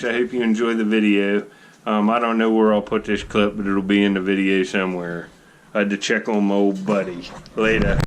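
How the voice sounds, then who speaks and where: A man narrating a casual outdoor vlog in a relaxed, rambling, folksy way, filmed on a handheld camera by a river and an old dump. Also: lowish voice. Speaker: vlogger. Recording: faint outdoor noise with insects.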